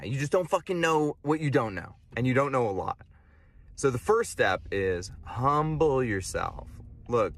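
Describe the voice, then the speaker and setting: A man delivering a profane, sarcastic comedic rant, swinging between loud outbursts and muttered asides. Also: mid-range voice.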